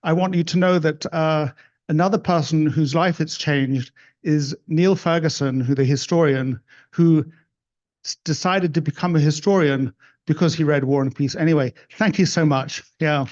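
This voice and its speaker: A man's voice: fairly high pitch, normal speed, darkish tone. A man hosting an investor conference, speaking in effusive, casual thank-you remarks on stage, in dull lo-fi audio. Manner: effusive, heaps on praise. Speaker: event host. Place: conference room.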